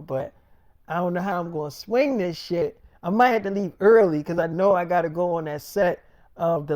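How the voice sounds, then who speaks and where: A man's voice: on the high side, darkish tone, no echo, clean studio sound. A man telling a long, rambling story in casual slang and swearing, often stammering and linking quoted lines with "I'm like".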